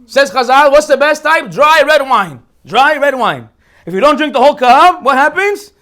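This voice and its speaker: The speaker is a rabbi giving a humorous Torah lecture in a holiday class, talking at a normal speed in an extremely high pitch. He spins animated stories and throws out rhetorical questions.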